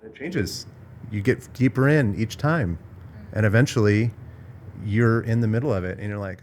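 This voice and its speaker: Low-voiced man musing in casual chat. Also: moderate pace, darkish tone, a little hiss or hum. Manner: thoughtful, searching, restarts and repeats phrases. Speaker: podcast host. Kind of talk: casual reflective conversation. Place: villa in Bali.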